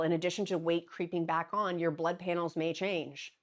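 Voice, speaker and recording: A woman's voice: fairly low pitch, little pitch movement, moderate pace. A woman hosting her daily vlog, talking earnestly and encouragingly to viewers, with frequent restarts and little laughs. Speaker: vlogger hosting a daily show. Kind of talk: casual direct-to-camera vlog talk.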